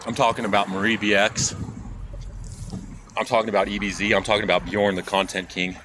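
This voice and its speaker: IRL streamer, man from Kansas, lowish voice, loose profane rambling to chat, phone mic, loud traffic behind. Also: level tone, brisk. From Kansas, USA. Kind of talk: casual live-stream chat while walking. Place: outdoors on city streets. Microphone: handheld phone. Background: traffic and street noise.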